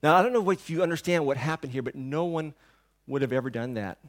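A man's voice: a little high, fast. Man preaching with dramatic dynamics. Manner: dynamic preaching, swings between hushed and loud; asks the congregation rhetorical questions. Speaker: pastor. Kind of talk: sermon.

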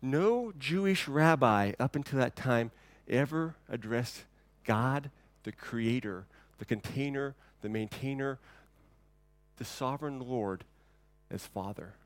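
A man preaching a sermon in a relaxed, conversational way, often repeating words as he starts sentences. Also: mid-range voice, takes it slowly, no echo. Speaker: pastor. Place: church.

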